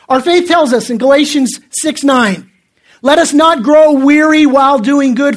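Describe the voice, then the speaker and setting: A middle-aged male pastor preaching in a conversational way, telling self-deprecating stories and often restarting his sentences. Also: extremely high pitch. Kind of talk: sermon.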